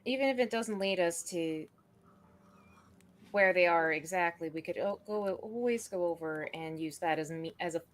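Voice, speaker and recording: A woman's voice: on the low side, moderate pace. A woman playing a tabletop role-playing game, talking casually and slipping into a put-on country accent. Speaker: player.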